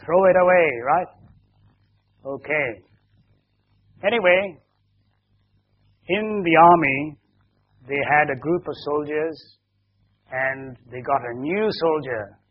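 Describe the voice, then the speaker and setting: Slow, husky man telling a children's story. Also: fairly high pitch. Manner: asks the children questions as he goes; slow and explanatory. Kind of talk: children's story in a church service. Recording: dull lo-fi recording.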